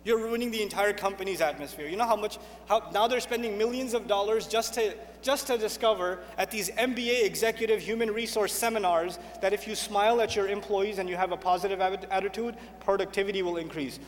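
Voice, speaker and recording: A man preaching with energy and emphasis, driving points home through repetition and recited Arabic verses. His voice sits very high for a man. It rings out in a hall with a long reverb tail. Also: fast talker, few pauses, slight background noise. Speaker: Islamic speaker. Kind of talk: sermon. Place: lecture hall with an audience.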